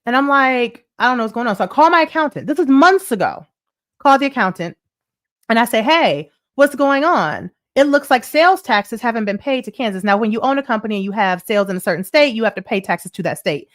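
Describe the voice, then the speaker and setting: A woman's voice: a little high, expressive, fairly quick, fairly bright tone. A woman hosting a money show, telling a story in a chatty, repetitive way and reading out viewer comments. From United States. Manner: chatty storyteller, repeats points, asks "right?" often; reads viewer comments aloud. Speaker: show host. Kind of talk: casual livestream money talk.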